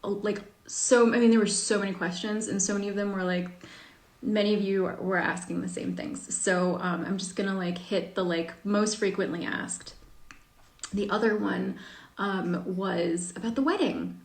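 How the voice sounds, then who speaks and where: A woman with a medium pitch and vocal fry talks casually at a moderate pace on a live stream. She answers reader questions in a self-deprecating tone with lots of fillers. The room sounds echoey.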